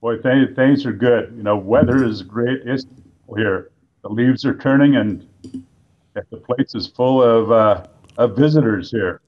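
A man with a mid-range voice speaks loudly over a video call. He answers the host's questions in a relaxed, easygoing way, as a coach appearing as a guest. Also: medium pitch, unhurried, highs cut off. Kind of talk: casual interview answers.

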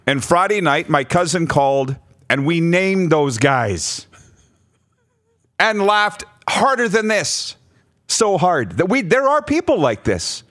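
A man's voice: on the high side, sing-song, slow pace, fairly bright tone, dry recording, clean studio sound. A man hosting a casual radio show, laughing often as he jokes and reads out listener messages. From Saskatchewan, Canada. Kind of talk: casual sports radio banter. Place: radio studio.

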